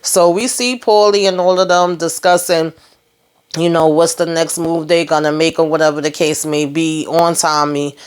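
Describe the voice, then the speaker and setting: Low-voiced woman, slangy TV recap. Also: moderate pace, smooth. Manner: animated slangy retelling, acts out quotes, laughs often. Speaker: TV recap reviewer. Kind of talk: casual recap monologue.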